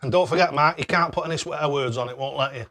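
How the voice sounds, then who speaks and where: A young man runs a casual live stream with cheery, excitable chat. His voice sits a little high, and he keeps thanking viewers by name. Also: fast.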